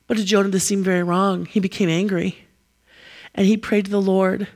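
A woman preaching a sermon, telling the story in a lively way and acting out the quotes. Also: medium pitch, normal speed.

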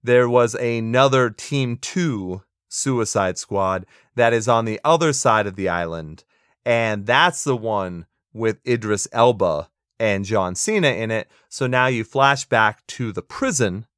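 A man's voice: lowish voice, expressive, a little slow, fairly bright tone, clear, resonant tone, no echo, studio quality. A man co-hosting a casual movie review podcast, opinionated and sarcastic, laughing often as he talks. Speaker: podcast co-host.

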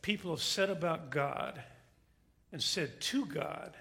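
High, gravelly-voiced male preacher. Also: slow, sharp tone. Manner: storytelling, earnest and emphatic. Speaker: pastor. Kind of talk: sermon.

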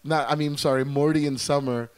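Man, podcast co-host, casual chat, rambling, animated, slightly high pitch. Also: brisk, smooth. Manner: rambling, animated, swears freely.

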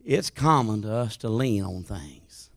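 A man preaching a sermon, dropping to a hushed murmur and then rising to loud, impassioned appeals. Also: fairly low pitch, expressive, unhurried, creaky, dry recording, studio quality.

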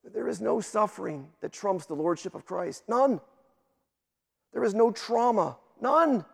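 A man's voice: high voice, lively intonation, a little slow, vocal fry, slightly rough, long reverb tail. A man, a guest pastor, preaching a sermon with emphatic delivery, often repeating words as he starts sentences.

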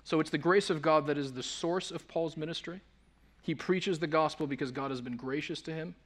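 A man's voice: a little high, fairly quick, fairly bright tone. A man delivers a sermon from the pulpit with a slightly raised voice. He preaches earnestly and with emphasis, leaning on rhetorical questions to draw the congregation in. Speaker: pastor.

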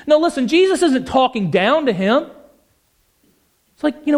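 A man's voice: very high-pitched, animated, moderate pace, long pauses. A man preaching a sermon, passionate and emphatic, often putting questions to his listeners.

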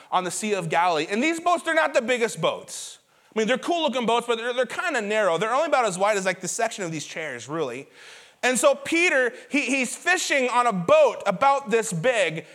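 A male pastor preaching a sermon to his congregation in a church, in a conversational way, telling stories with lively emphasis and repeated words. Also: high-pitched. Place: church auditorium before a congregation.

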